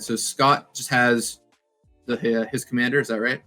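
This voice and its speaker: Relaxed guy on his webcam at home, counting mana out loud, mid pitch. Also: moderate pace, soft background music. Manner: easygoing, thinks aloud while counting. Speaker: card game player. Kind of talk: casual game-play chat. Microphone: webcam video call.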